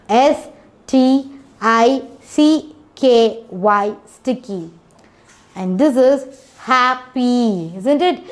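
A woman teaching a children's phonics lesson, spelling out letters one by one, repeating each word and checking in with "okay". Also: on the high side.

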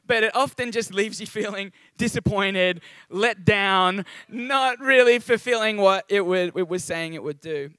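A man's voice: sits high, pushed and bright, dry recording. A young Australian man giving a chatty, upbeat sermon at a church service. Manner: chatty and upbeat, with frequent ums and asides. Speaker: guest preacher.

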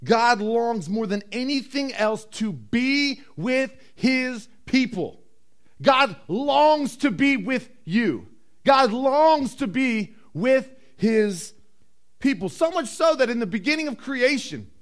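A high-pitched male pastor preaching in church, lively and animated, acting out little voices and then sinking low and slow to press a point home. His delivery swings between bursts of energy and quiet, weighty moments. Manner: animated storytelling, acts out voices, drops low and slow for emphasis. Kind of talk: sermon.

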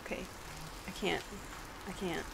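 A woman's voice: measured pace, very noisy. A woman commentating a horror game she plays, often exclaiming in fright and laughing nervously. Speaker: gaming YouTuber.

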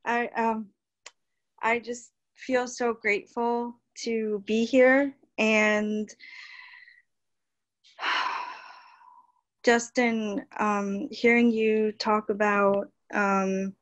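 A woman joining a video call as a participant, gushing and tearful, with sighs and pauses. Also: on the high side, little pitch movement, fairly bright tone. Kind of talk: emotional sharing on a video call. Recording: muffled lo-fi call audio.

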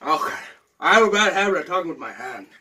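A man's voice: on the high side, big pitch swings, quick pace, pushed and bright. A man doing a goofy comedy skit, talking in an exaggerated, silly, whiny voice. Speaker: vlogger.

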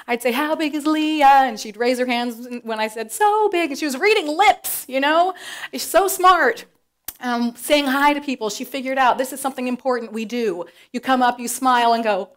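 A middle-aged woman telling a personal story to an audience, animated and acting out the voices she quotes. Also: a little high, moderate pace. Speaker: presenter.

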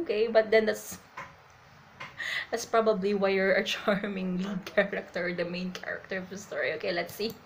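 A woman doing a live reaction to a comic, excitable and a little nervous, laughing and tagging her sentences with "okay?". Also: medium pitch, moderate pace, slight background noise, rough recording. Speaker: manga reaction vlogger. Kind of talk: live reaction and reading aloud.

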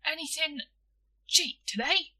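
A woman's voice: a little high, lively intonation, normal speed, sharp tone. A woman voicing a cheeky, hopeful schoolboy in a storybook reading, coaxing and wheedling.

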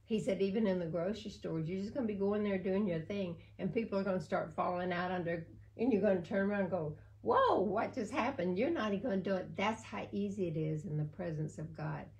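A woman's voice: mid-range voice, fast talker, hardly any pauses, warm tone, rough recording. An older woman pastor preaching fervently in a casual talk, repeating phrases for emphasis. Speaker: pastor and co-host.

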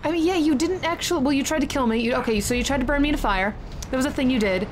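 A woman hosting a gaming channel, giving excitable, chatty let's-play commentary full of exclamations. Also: high-pitched, rapid-fire, a little hiss or hum.

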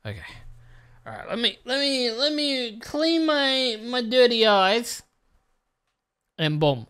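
A let's-play commentator who swears often and talks straight to the viewers, muttering to themself and then bursting out excitedly. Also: medium pitch, unhurried, smooth. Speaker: gameplay commentator.

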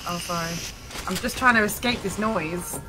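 A woman's voice: medium pitch, moderate pace, over music. A woman streaming a multiplayer game, greeting viewers in her chat and teasing her teammates. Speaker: gaming streamer. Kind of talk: casual live-stream gameplay chat.

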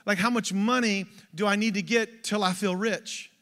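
A man preaching an energetic sermon, exhorting the congregation with rhetorical questions. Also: high-pitched, moderate pace. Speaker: pastor. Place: church sanctuary. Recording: long church hall reverb.

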